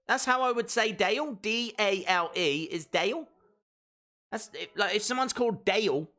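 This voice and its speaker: A man's voice: high voice, animated, moderate pace, sharp tone. A man hosting a live reaction stream, chatting playfully and reading viewer comments aloud.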